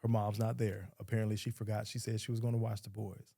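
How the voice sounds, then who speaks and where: A man's voice: lowish voice, little pitch movement, fairly quick, gravelly, mellow, no room sound, studio quality. A man, a podcast guest telling a story in a casual, blunt, profane way and quoting others as he goes.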